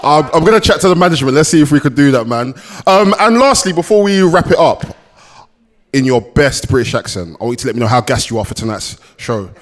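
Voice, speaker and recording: A man hosting a podcast, chatting casually in a quick, joking way. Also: mid-range voice, very animated. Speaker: podcast host.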